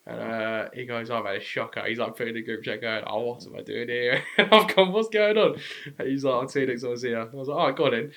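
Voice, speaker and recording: A man's voice: mid-range voice, rapid-fire, few pauses, a bit bright, slight background noise. A young man with an English accent, co-hosting a podcast, telling stories in a laddish, slangy way and laughing often. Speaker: podcast co-host. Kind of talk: casual chat.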